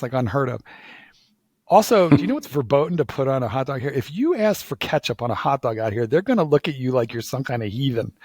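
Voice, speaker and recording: A man from Philadelphia chatting casually in an interview, telling a lively story full of repeated "like"s and restarts. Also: mid-range voice, husky, no room sound. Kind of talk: casual conversation.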